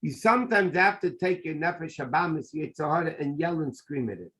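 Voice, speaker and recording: A middle-aged man teaching a Torah class as a rabbi, explaining in an animated, emphatic way and mixing Hebrew terms into his English. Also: on the high side, fairly quick, poor audio.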